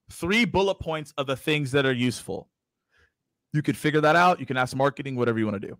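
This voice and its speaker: A man hosting a sales webinar, talking fast and excitedly, often laughing and calling the audience y'all. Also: mid-range voice, no echo. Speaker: webinar host. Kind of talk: energetic sales coaching talk.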